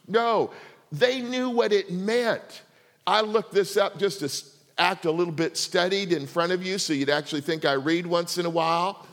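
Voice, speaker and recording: A middle-aged male pastor delivers a conversational sermon, frequently asking the congregation to respond. His voice is high, his pace moderate, and the sound has a big-room quality.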